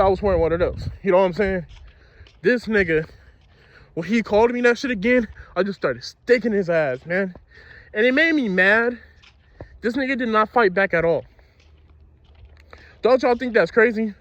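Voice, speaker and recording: A man's voice: high-pitched, a bit bright, dry recording, highs cut off. A young man telling a story from his school days in a casual, slangy, profane way, speaking outdoors.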